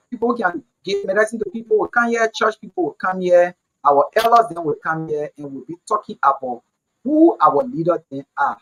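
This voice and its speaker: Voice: mid-range voice, fairly bright tone, low-quality recording. A radio host, speaking directly to listeners. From Liberia. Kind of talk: radio talk show hosting.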